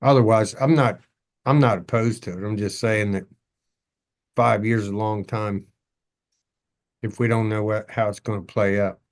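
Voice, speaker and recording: A man's voice: on the low side, fairly even intonation, moderate pace, pauses often. A man legislator speaking in a committee discussion, easygoing and plainspoken.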